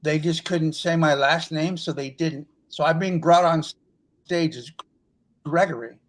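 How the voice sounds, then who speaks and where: Deadpan man with a higher voice. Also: unhurried, low-quality recording. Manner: dry, deadpan joking with mock-grand claims. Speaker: podcast co-host and stand-up comedian. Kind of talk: casual comedy podcast chat.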